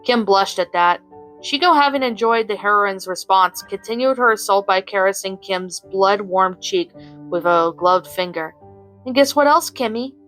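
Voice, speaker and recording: A woman narrating a fan fiction story in an even, unhurried way, with small slips now and then. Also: mid-range voice, soft background music, low-quality recording.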